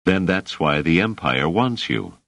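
Man doing a weary rebel leader, bitter, earnest, urgent, very deep voice, dry sound. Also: big pitch swings, a little slow, creaky, fairly bright tone, dry recording, heavily acted.

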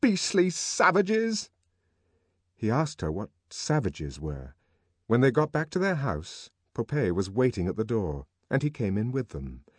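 A man with a fairly low, slightly rough voice narrates an audiobook, measured and expressive. The close studio mic gives a dry recording.

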